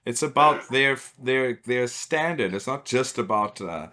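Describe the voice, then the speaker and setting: A man's voice: medium pitch, lively intonation, unhurried, hardly any pauses, sharp tone. A man hosting a podcast interview who agrees often and then explains his points with animation. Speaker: podcast host.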